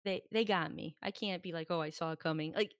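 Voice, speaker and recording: A woman's voice: fairly low pitch, fast, no room sound, clean studio sound. A woman co-hosting a podcast in casual chat, talking freely and acting out quotes in exaggerated voices. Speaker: podcast co-host. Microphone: podcast microphone.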